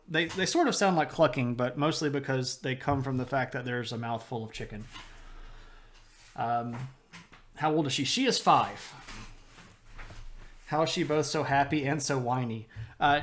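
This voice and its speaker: A man chatting casually with his live-stream viewers, rambling and halting as he goes over the schedule. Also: mid-range voice, fairly bright tone. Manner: rambling, halting, talks baby talk to his dog. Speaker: history streamer.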